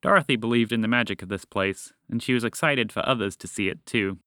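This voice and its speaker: A man reading a children's storybook aloud, animated and speaking directly to the listener. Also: on the low side, fast talker, no echo, studio quality.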